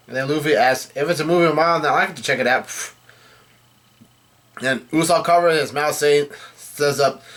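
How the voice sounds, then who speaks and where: Here a man with a mid-range, slightly bright voice reads a comic chapter at a moderate pace in a relaxed read-through. He voices quoted dialogue plainly as himself and often revises what he's saying mid-sentence.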